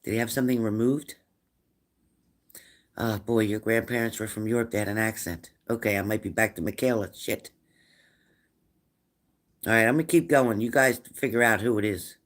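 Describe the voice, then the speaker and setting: A man's voice: lowish voice, normal speed, pauses often. A man hosting a live-stream spirit reading as a medium, who asks viewers the same probing questions again and again. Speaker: psychic medium.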